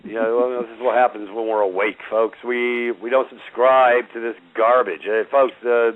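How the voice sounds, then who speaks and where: A man's voice: medium pitch, steady tone, moderate pace, a little hiss or hum. A male radio talk show host ranting sarcastically at his listeners, often calling them "folks" and filling with "uh". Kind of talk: opinionated call-in talk. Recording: tinny phone-line audio.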